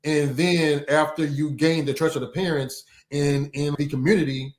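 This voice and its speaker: A man's voice: a little high, fairly even intonation, moderate pace, roomy sound. A man hosting an interview, affirming and encouraging his guest. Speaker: podcast host. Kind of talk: interview host.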